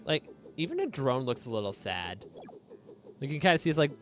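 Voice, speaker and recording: A man's voice: medium pitch, wildly swooping pitch, fairly quick, soft background music. A man hosting a co-op game playthrough, chatting casually with lots of restarts. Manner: rambling, full of restarts. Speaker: let's play host. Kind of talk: casual gaming commentary.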